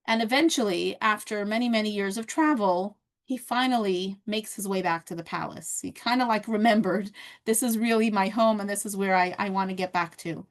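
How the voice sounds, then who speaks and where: A woman's voice: medium pitch, brisk. A woman teaching a casual class, telling a parable in a conversational way with many fillers and restarts. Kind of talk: casual lesson storytelling.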